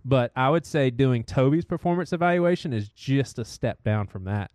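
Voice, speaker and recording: A man's voice: medium pitch, lively intonation, moderate pace, darkish tone, dry recording, studio quality. A man co-hosting a casual podcast who keeps the talk moving through his list of topics. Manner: keeps steering talk back to his checklist. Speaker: podcast co-host. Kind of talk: casual chat.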